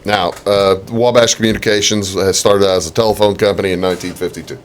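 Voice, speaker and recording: A man's voice: low-pitched, fairly even intonation, fast. A man hosting a local TV talk show, chatty and joking, often repeating his words. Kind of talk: casual local TV interview.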